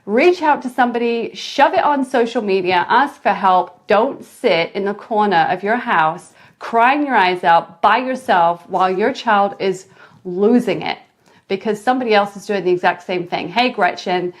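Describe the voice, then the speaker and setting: A mother shares a parenting story with advice in a casual vlog, speaking at a moderate pace. She's animated and dramatic, with big jumps in pitch.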